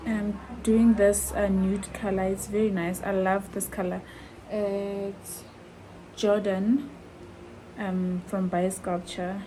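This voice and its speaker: Slow, mellow woman vlogger. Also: mid-range voice, level tone, slight background noise, rough recording. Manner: heartfelt, chatty, addresses viewers as guys. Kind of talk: casual vlog chat.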